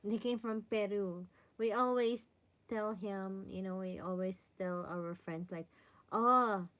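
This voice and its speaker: A woman's voice: mid-range voice, fairly even intonation, unhurried, darkish tone. A woman from the Philippines with a Filipino accent, chatting casually with live viewers in a rambling way, mixing in Tagalog and Spanish words. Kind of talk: casual live-stream chat.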